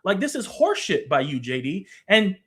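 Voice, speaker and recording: This show host, a former football player in his twenties, speaks in a high, very animated, slightly bright voice at a moderate pace. He gives a blunt, passionate opinion monologue laced with slang and swearing, addressing the person he criticizes head-on.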